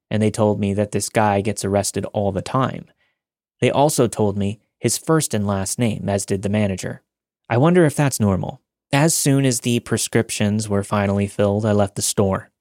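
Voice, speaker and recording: A man narrating a true horror story in a calm, steady, scripted reading. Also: fairly low pitch, moderate pace, dry recording, clean studio sound.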